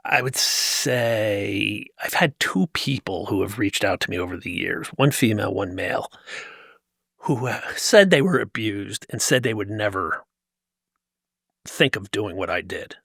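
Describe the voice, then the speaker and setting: A man's voice: on the low side, lively intonation, a little slow, vocal fry, a bit bright, slightly rough, dry recording, clean studio sound. A man from New Jersey, a guest in an interview, telling a personal story in an intense, emphatic way with frequent restarts. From New Jersey, USA. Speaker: guest, motivational speaker. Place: tent set used for a podcast.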